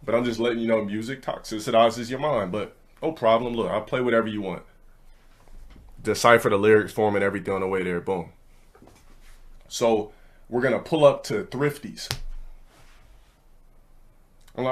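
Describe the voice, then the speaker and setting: A young man telling a casual story and ranting bluntly, with plenty of profanity and a brash, hurried delivery. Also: lowish voice. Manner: blunt, profane, brash, speeds up mid-thought. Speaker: streamer.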